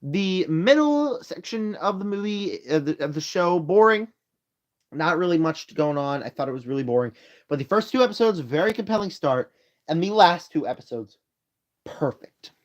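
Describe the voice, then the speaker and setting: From his room at home, a man hosts a casual live stream, rambling through his movie rankings while tired and yawning. His voice sits a little high with big pitch swings at normal speed, and the phone audio comes through dull and lo-fi.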